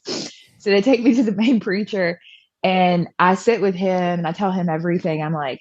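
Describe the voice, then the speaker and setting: A woman's voice: fairly low pitch, moderate pace, dry recording, dull audio. A young woman from the American South, chatty and self-deprecating, telling her personal story as a podcast guest and acting out past conversations.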